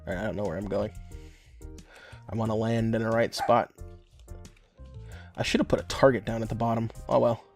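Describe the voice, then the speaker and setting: Rambling young man with gravelly voice. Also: fairly low pitch, steady tone, brisk, pauses often, a little mellow, faint music behind. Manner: rambling, joking, filler-heavy. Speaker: gaming YouTuber. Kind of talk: casual gameplay commentary.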